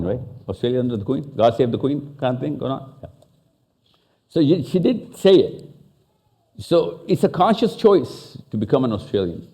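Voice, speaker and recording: Fast-talking Pakistani man on stage. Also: mid-range voice, mellow. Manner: fast, interactive, switches between English and Urdu. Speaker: speaker at a live talk. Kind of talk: lively live talk with audience questions. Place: stage in a large hall.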